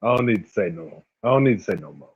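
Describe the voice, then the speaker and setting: A man's voice: lowish voice, lively intonation, very fast, breathy edge. A man in his forties hosting a casual livestream, talking slangy and laid-back, laughing often and addressing viewers by name. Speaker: livestream host. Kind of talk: casual livestream chat, reading chat. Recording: phone-like lo-fi sound.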